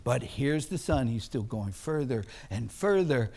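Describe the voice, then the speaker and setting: A man's voice: mid-range voice, expressive, gravelly, a little mellow. A male pastor preaching a chapel sermon, telling the story dramatically and drawing it out. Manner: dramatic, drawn-out storytelling with acted-out voices.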